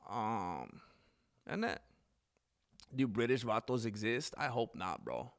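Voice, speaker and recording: A man's voice: lowish voice, takes it slowly, gravelly, long pauses. Chatty man giving live fight commentary. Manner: chatty, rambling, easily excited.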